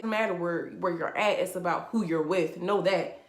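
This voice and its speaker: A woman's voice: fairly low pitch, expressive, moderate pace, a bit bright, reverberant. A woman giving casual vlog commentary as a reality TV reviewer, talking bluntly and profanely with incredulous laughs.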